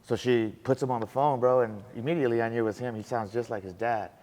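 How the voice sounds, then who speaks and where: A man talking quickly at a mid pitch, recounting his story in casual, animated bursts and acting out the voices of others. His voice carries a long reverb, as if he were recorded in a large room. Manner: animated, acts out dialogue, says bro. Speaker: podcast guest.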